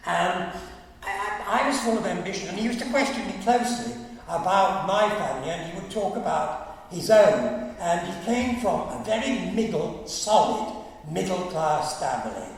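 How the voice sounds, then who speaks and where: A man's voice: high voice, animated, moderate pace, creaky. A man from England giving an anecdotal talk, chuckling through his stories and slipping into quoted and sung snatches. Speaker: guest speaker. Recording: echoey hall, mic far off, faint hum.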